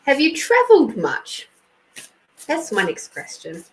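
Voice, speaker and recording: A woman's voice: high voice, huge pitch swings, unhurried, slight background noise, rough recording. Chatty woman giving a card reading. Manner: chatty, answers viewers by name; reads card texts aloud. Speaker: host and intuitive card reader. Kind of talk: casual live card reading.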